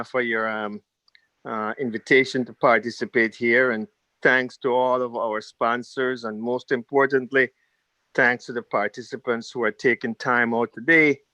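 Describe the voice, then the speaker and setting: Earnest union leader on a video call. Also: male voice, medium pitch, sharp tone, no room sound, poor audio. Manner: earnest, rallying, repeats key phrases. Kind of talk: prepared speech at an online town hall.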